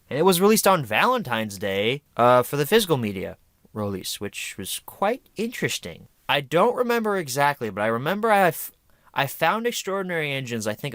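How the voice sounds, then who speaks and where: A man's voice: mid-range voice, a bit bright, no room sound. A man hosting a home media review vlog, casual, chatty, opinionated and self-deprecating.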